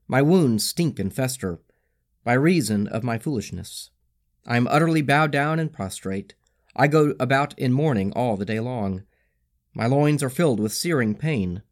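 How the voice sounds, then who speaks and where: A man reads scripture in a solemn, measured voice. His pitch sits mid-range but rises and falls a great deal, so each line sounds expressive rather than flat. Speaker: scripture reader.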